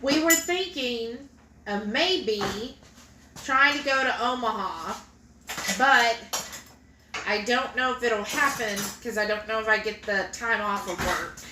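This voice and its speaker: A woman's voice: fairly high pitch, slow, noisy background. A woman hosting a cooking livestream at home, chatting casually and reading viewer comments aloud while she works. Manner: relaxed, chatty, reacts with hums while tasting. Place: home kitchen. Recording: echoey room, mic far off, clattering dishes.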